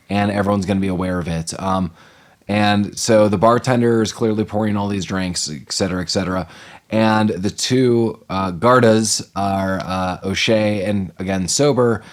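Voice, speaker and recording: A man co-hosting a casual podcast, recapping a film and acting out the characters' lines with lots of "like" and laughter. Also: fairly low pitch. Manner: animated, acts out characters' lines in quick impressions. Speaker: podcast co-host. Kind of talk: casual movie recap chat.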